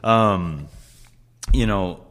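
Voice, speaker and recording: A man's voice: low voice, very slow, a bit bright. A man hosting a podcast, telling kitchen stories in casual chat, swearing freely and laughing as he talks. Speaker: podcast host.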